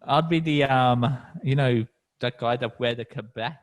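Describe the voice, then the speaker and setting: A man with an Australian accent, co-hosting a podcast in easygoing, halting casual chat. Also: medium pitch. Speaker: podcast co-host.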